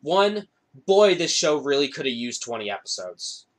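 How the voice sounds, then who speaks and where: A man's voice: fairly high pitch, sing-song, moderate pace. A man co-hosting a podcast in casual chat, blunt and playfully opinionated, swearing freely. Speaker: podcast co-host.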